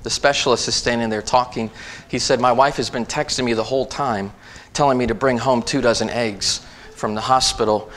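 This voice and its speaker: A man's voice: medium pitch, steady tone, fairly quick, few pauses, a bit bright. A male preacher delivers a sermon in a church with a mid-range voice. He moves from a conversational family story into reading scripture, lifting his voice for emphasis. A faint noise sits under the recording.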